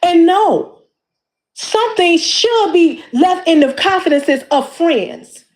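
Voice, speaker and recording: High-pitched woman, impassioned and preachy. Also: animated, slow pace. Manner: preachy and emphatic, repeats phrases. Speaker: YouTube creator. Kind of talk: impassioned direct-to-camera monologue.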